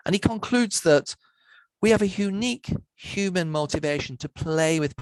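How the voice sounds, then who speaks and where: A man giving an academic lecture to university students online, measured and methodical, setting out word lists one item at a time. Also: high voice, lively intonation, no echo, rough recording.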